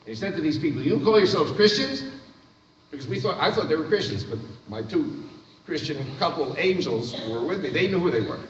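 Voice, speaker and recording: A man raised in America addresses a church crowd, pressing his points and repeating words as he restarts. His voice sits high. It is caught from across a reverberant hall, with a muffled tone and a faint hiss. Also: lively intonation, quick pace. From United States. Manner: emphatic storytelling, repeats words when restarting. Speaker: guest speaker. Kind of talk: church talk to an audience. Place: large hall with live audience. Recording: echoey far-off hall recording, dull sound, faint noise.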